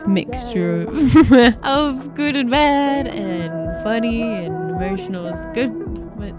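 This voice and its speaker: A woman's voice: a little high, very animated, slow pace, music in the background. A woman hosting a game talent show on a stream, chatting casually with playful banter and frequent giggles.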